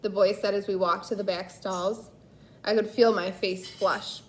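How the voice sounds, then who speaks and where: A woman's voice: medium pitch, steady tone, a little hiss or hum. Woman reading a story aloud in an echoey room. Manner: unhurried reading with slips and self-corrections. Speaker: reader. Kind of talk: reading a children's novel aloud.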